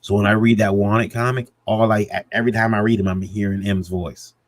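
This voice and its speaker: A man with a very low voice talks casually on a video call, wandering through his thoughts and restarting sentences. He keeps things joking and loose as he chats about characters. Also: little pitch movement, fairly quick, no echo. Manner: rambling, self-interrupting, jokey. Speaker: comic creator guest. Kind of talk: casual panel chat.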